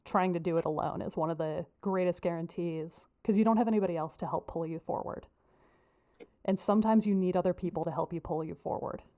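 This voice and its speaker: Frank, chatty woman with a mellow voice. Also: lowish voice, brisk. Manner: frank and chatty, with many fillers. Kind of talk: casual chat. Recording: dull lo-fi recording.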